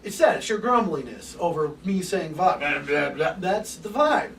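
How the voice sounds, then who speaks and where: A man giving an open forum lecture to a live group, animated and casual, swearing now and then and acting out little scenes. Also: high-pitched, normal speed, reverberant. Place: room with an audience. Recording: distant mic with background hiss.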